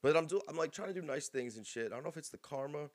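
A man's voice: a little high, racing, no echo. A man in his thirties co-hosting a podcast, telling crude, joking stories in casual chat. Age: 30s. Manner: crude, joking, animated storytelling. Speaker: podcast co-host.

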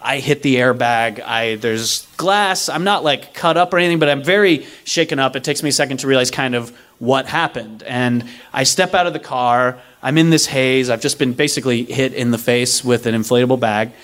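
A young man telling a comedic story live on stage, acting out the other people's lines in an animated way. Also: medium pitch, normal speed, hardly any pauses. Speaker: stand-up storyteller. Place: live stage before an audience.

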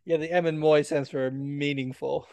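A man's voice: fairly high pitch, fairly even intonation, moderate pace, a little mellow, clear, resonant tone, no room sound. A man co-hosting a casual podcast, joking, laughing often and swearing freely. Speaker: podcast co-host; stage manager. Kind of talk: casual chat.

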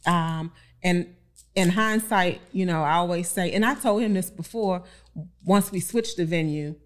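Woman guest, low-pitched, animated storyteller who repeats herself and acts out quotes. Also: unhurried. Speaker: podcast guest, bride. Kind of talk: casual chat.

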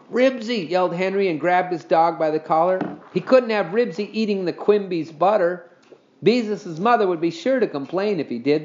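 Animated male storybook reader. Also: high-pitched, lo-fi sound. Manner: animated, expressive reading. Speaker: audiobook reader. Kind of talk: storybook narration.

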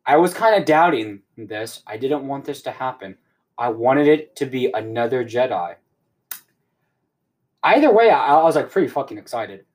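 A young man hosting a podcast, rambling excitedly through a casual recap and swearing often. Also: mid-range voice, moderate pace. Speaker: podcast host.

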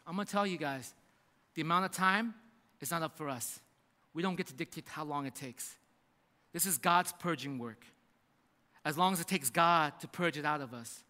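A pastor preaches with a high, ringing voice, telling the story with lively acted-out voices. His sound carries a long reverb from a large hall. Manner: animated storytelling, acting out voices in quotes. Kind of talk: sermon.

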